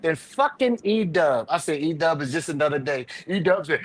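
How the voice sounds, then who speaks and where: A man hosting a live online panel, telling a rambling, profane story with big swings between loud and quiet, a little drunk. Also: fairly high pitch, lively intonation, moderate pace, low-quality recording. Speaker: live show panel host.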